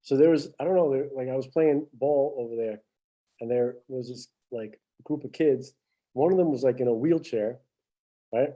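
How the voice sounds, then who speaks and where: A man's voice: medium pitch, normal speed, muffled recording. A man co-hosting a podcast, telling stories in casual chat and laughing often. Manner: animated storyteller, laughs often. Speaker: podcast co-host.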